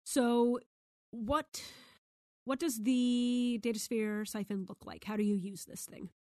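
Brisk woman game master, dry sound. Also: a little high, steady tone, darkish tone, dry recording. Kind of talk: narrating a tabletop game.

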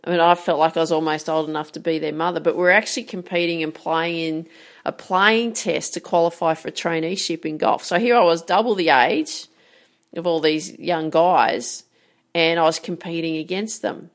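A woman's voice: sits low, normal speed. Emphatic woman coaching on nerves. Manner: direct and emphatic, asks rhetorical questions. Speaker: sports mindset coach. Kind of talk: motivational coaching talk to camera.

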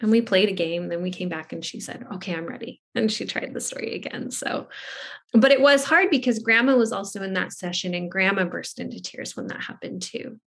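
A woman podcast host casually tells a story from her own work, her thoughts often trailing off softly at the end. Her voice is medium-pitched, brisk, and creaky.

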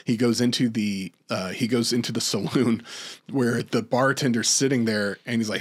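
A man co-hosting a podcast, chatting casually about movies, rambling with lots of restarts and fillers and getting excited as he goes. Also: fairly low pitch, moderate pace. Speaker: podcast co-host.

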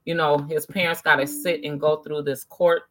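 A woman's voice: low voice, flat delivery, moderate pace. A woman in casual conversation, telling stories animatedly and acting out quoted exchanges.

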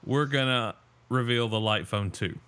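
A man's voice: mid-range voice, unhurried, fairly bright tone, clean tone. A man co-hosting a podcast over a call, joking and teasing in loose casual chat. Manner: joking, playful. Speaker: podcast co-host. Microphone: remote call.

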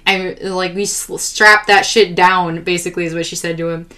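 A woman's voice: lowish voice, normal speed. Exasperated young woman podcast host. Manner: exasperated, profane, animated retelling. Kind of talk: casual comedic storytelling.

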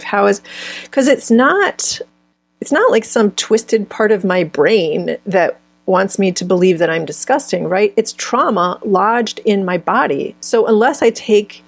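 A woman's voice: mid-range voice, animated, unhurried, creaky, breathy edge, no room sound. A woman speaking as a healer guest in an interview, searching for words and often restarting phrases mid-thought. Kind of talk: conversational interview answers.

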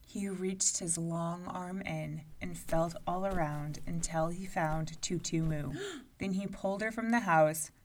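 A woman narrating a storybook aloud in an expressive, measured way. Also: fairly low pitch, far from the mic, noisy background.

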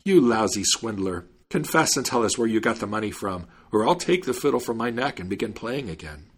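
A man doing a calm, bold young servant fiddler. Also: fairly low pitch, brisk, husky. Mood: threatening.

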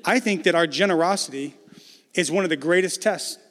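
High-voiced pastor preaching in a reverberant church. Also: male voice, fairly quick. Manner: animated storytelling, acts out dialogue. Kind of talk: sermon. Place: church sanctuary. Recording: long hall reverb in a church.

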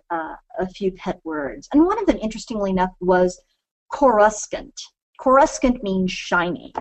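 A woman gives a lecture in an ordinary mid-range voice. She thinks aloud as she talks, often pausing on fillers and starting phrases over before carrying on. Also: medium pitch, low-quality recording. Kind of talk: lecture talk.

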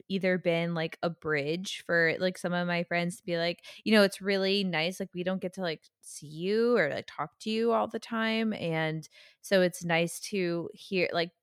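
A woman's voice: on the low side, clean tone, dry recording, clean studio sound. A young woman co-hosting a podcast, chatting casually with many "like" fillers over a remote recording. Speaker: podcast co-host. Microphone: remote call, home mic.

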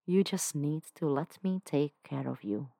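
A woman voicing a suave, seductive male devil, speaking in a smooth, coaxing, intimate way. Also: sits low, measured pace, dark tone, dry recording, studio quality, exaggerated voice. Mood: tender.

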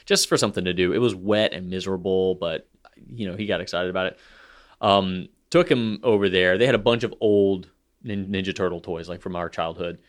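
A man, a podcast co-host telling long rambling stories in casual chat, with many fillers and lively retold scenes. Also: deep voice, fairly quick. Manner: animated when retelling scenes.

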